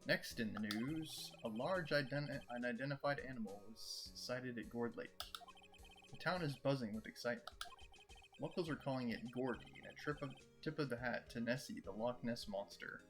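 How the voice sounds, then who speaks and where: A stiff male TV news anchor, as a man puts him on reads bulletins in a video game. His delivery is formal and even, at a middling pitch, with faint music behind. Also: normal speed, close to an everyday voice.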